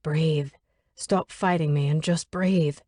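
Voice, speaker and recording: A woman's voice: low voice, fairly even intonation, slow, mellow, no echo. A woman reading a commanding, urgent young man. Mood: firm. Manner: firm, commanding.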